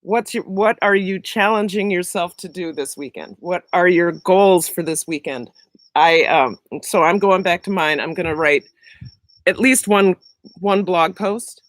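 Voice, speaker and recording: A woman's voice: on the low side, measured pace, no echo, poor audio. A woman chatting casually on a live stream while walking around outside, recovering from a sore throat, greeting viewers by name. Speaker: vlog host on a livestream. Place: outdoors around a house in summer.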